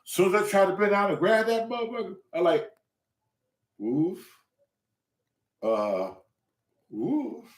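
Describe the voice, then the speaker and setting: A man hosting a show, telling a story in casual, profane speech and acting out the quotes. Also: fast talker. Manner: animated, profane, acts out quotes with loud pitch jumps. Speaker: show host. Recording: echoey room.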